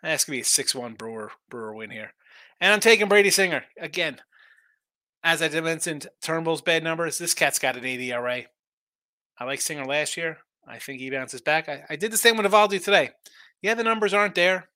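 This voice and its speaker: Animated bright-voiced man giving betting picks. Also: a little high, a little fast, no echo. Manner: animated, rambling, trash-talking teams. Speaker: sports betting show host. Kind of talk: live sports betting picks chat.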